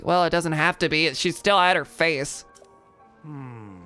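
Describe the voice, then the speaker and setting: A woman's voice: low voice, measured pace, pauses often, fairly bright tone, soft background music. A young adult woman streamer giving casual gaming commentary with chatty, wry asides.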